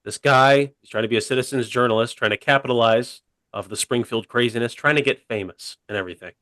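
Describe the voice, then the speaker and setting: Deadpan rambling man, very dry sound. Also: medium pitch, quick pace, dry recording. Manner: rambling, deadpan retelling with lots of fillers. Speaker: podcast co-host. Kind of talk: casual comedic storytelling.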